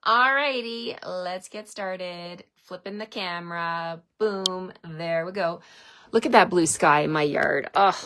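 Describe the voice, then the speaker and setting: A woman's voice: fairly low pitch, slow, background noise. A middle-aged woman from Canada chatting cheerfully on a livestream from home, laughing often and greeting viewers by name. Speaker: stamping demonstrator hosting a livestream. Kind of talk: casual livestream chat. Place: at home, indoors. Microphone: webcam or phone camera.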